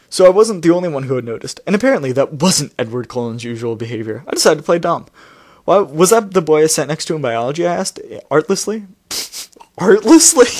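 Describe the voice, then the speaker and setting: Guy reading a book out loud and snarking on it, bouncy voice, dry close sound. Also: a little high, dry recording. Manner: mocking, laughs often between lines. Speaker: book reader and commentator. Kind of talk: sarcastic read-along commentary.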